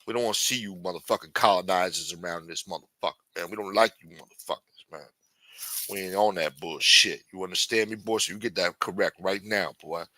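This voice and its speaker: A man with a low, slightly quick, sharp-toned voice and no echo plays a threatening, foul-mouthed adult street hustler in improvised comic role-play. His mood is menacing, and he taunts and swears with a streetwise swagger.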